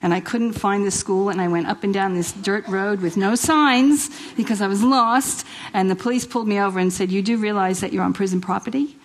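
A middle-aged woman from New York with a New York accent, giving a lively personal testimony at a women's church event and acting out the dialogue in her stories. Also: medium pitch, fairly quick, few pauses, slight background noise, poor audio. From Queens, New York. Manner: lively storyteller who acts out quoted dialogue and laughs often.

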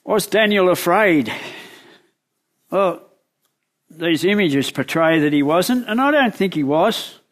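A man preaching a sermon, retelling a Bible story in lively words and asking the listeners questions. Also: high-pitched, slow, long pauses.

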